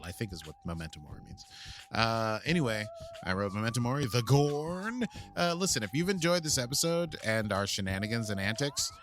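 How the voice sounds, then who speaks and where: A playful American man co-hosting a podcast. His voice is bright and swings widely in pitch, and a faint hiss sits behind it. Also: expressive, fairly quick. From United States. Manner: playful, drops into silly voices and accents. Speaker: podcast co-host. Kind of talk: casual chat.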